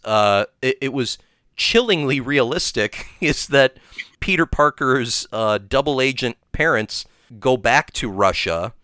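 A man co-hosting a podcast, casually talking things through with frequent hesitations and murmurs of agreement. His voice is bright and smooth, recorded close and dry with no room sound. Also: mid-range voice, no room sound. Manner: thoughtful, agreeable, many hesitations and back-channel murmurs. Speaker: podcast co-host. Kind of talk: casual chat.

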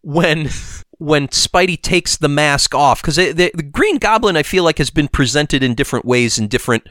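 A man co-hosts a podcast, casually chatting about a cartoon episode, often restarting sentences and making affirming noises. His voice is on the high side with lively intonation and a moderate pace, slightly bright, in clean studio sound with no room echo.

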